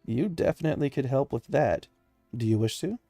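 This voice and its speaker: A chatty male game master narrates a fantasy tabletop session at an even middle pitch. He laughs often and fills pauses with frequent fillers. The sound is dry and close, with faint music behind. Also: creaky, no echo.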